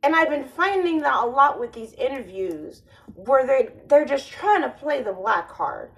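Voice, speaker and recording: A woman's voice: sits high, expressive, unhurried, poor audio. A woman vlogger in a casual monologue, rambling and sardonic, often restarting her sentences.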